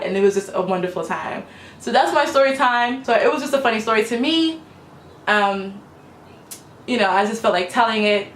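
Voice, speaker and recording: A young woman casually telling a story time to her camera, animated and full of "like" and "you know". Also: mid-range voice, reverberant, slight background noise. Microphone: camera mic.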